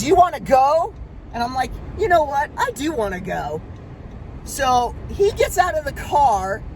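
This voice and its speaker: Exasperated woman telling a story over traffic noise. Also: on the high side. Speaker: vlogger. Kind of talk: storytime monologue. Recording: steady traffic noise behind.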